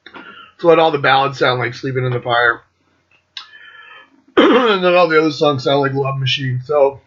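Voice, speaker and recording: A man hosting his own metal show, chatting casually and sarcastically with lots of swearing, clearing his throat now and then. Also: medium pitch, expressive, normal speed, long pauses, a bit bright, highs cut off. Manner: profane, sarcastic, laughs often. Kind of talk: casual solo chat reviewing albums.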